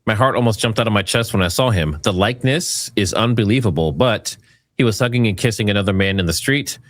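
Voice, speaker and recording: This is a man hosting an online commentary video with a fairly low voice. He talks casually and speculatively, circling back over his points, and the sound is dry and close. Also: quick pace, dry recording. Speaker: commentary host.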